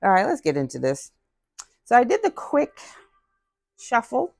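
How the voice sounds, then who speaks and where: A woman's voice: fairly high pitch, huge pitch swings, a little slow, creaky, no echo, studio quality. A woman giving a casual tarot-style card reading to her viewers. She talks straight to the audience and slips into slang. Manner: chatty, drops into slang, talks to viewers directly. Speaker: tarot reader.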